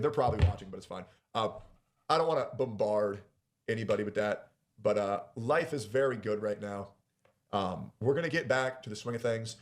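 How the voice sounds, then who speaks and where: Hesitant, emotional male streamer. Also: lowish voice. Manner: hesitant, emotional, many pauses and fillers. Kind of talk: personal announcement on stream.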